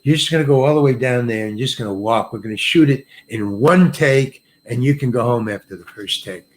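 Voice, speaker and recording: A man quoting a brisk, confident male film director while telling a story on set. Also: medium pitch, voice pushed down, natural voice. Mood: breezy, bossy. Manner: brisk, bossy, laying out the plan. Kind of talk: quoted voice in an anecdote.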